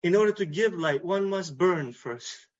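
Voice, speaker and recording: A man with a Canadian English accent giving an earnest personal talk at a recovery meeting, repeating phrases and pausing to restart. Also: sits high, lively intonation. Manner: earnest, repetitive, with pauses and restarts. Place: meeting hall. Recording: dull lo-fi recording.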